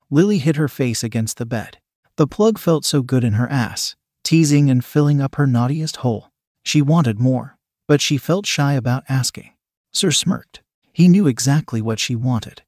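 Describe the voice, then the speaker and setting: A man narrating a written story in a steady, even reading voice. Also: mid-range voice, moderate pace, no room sound, clean studio sound.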